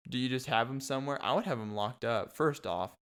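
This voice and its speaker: A young man with a smooth, clean voice of middling pitch rambles through a comedic monologue. He is sarcastic and mocking, and he laughs often at his own asides. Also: brisk, a bit bright. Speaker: podcast host.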